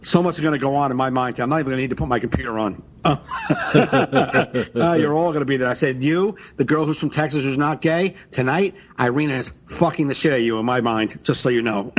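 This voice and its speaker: A man's voice: medium pitch, a little fast, dull audio. A man co-hosting a comedy podcast, telling profane stories and laughing between lines. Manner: crude, laughing storyteller. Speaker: comedian co-host. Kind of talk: casual podcast chat.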